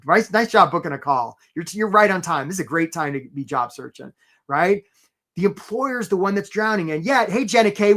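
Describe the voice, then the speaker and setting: A man hosting a live career webinar as a coach, energetic and upbeat, often tagging lines with "right?". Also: on the high side.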